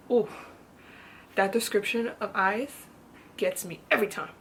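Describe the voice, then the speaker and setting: A woman's voice: medium pitch, steady tone, a little slow, long pauses, slight background noise. Gushing, chatty woman book vlogger. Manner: gushing, chatty, emphatic repetition. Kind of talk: casual book haul vlog.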